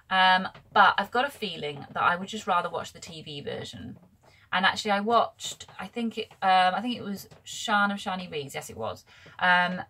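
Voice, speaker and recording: A woman's voice: medium pitch, bright, forceful tone. A woman chatting to camera as a book vlogger, rambling and correcting herself as she goes. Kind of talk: casual chat to camera.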